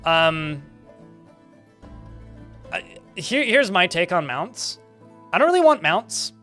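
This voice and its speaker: Animated man with a bright voice. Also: high voice, slow, faint music behind. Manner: chatty, laughs often, swears casually. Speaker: streamer playing a game. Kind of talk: casual gameplay commentary.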